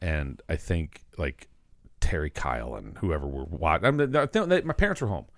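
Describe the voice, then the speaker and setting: A man hosting a podcast, telling a childhood story in casual chat, animated and profane, mimicking voices in the story. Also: extremely low pitch, normal speed, dry recording, clean studio sound. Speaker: podcast host.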